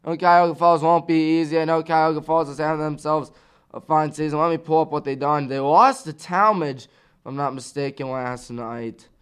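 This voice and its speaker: A man hosting a sports talk show, giving a casual recap of scores and his picks in an excitable way, full of rhetorical questions and exclamations. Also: on the high side, a little fast, clean tone.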